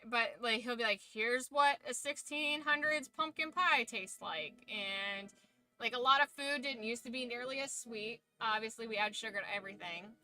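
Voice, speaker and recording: In casual live chat during a watch-along she hosts, a woman streamer chats on with viewers, swearing often and leaving thoughts unfinished. She speaks at a normal speed with a fairly high, pushed, bright voice, captured on poor audio.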